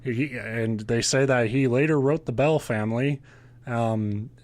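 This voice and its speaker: A male podcast host telling a ghost story in loose, casual chat. He is openly sarcastic and swears freely, breaking off to laugh at how absurd the story is. His pitch sits in an ordinary middle range for a man. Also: unhurried, a little mellow. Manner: sarcastic, profane, laughs often.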